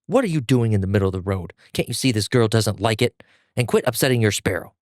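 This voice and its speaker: A man's voice: on the low side, animated, fast, no echo, studio quality, lightly acted. A man voicing an earnest, kind-hearted teenage boy swordsman who speaks firmly.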